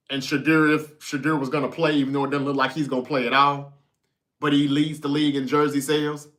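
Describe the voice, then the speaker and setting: Bright-voiced man hosting sports talk. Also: a little high. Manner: profane, animated, talks straight to the chat. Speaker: sports talk show host. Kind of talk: casual livestream sports talk, reading viewer comments.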